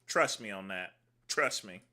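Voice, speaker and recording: An American man in his forties hosts a livestream, rambling through casual chat in a low, expressive, sharp voice at a slightly slow pace. He repeats himself and fills the talk with lots of "you know."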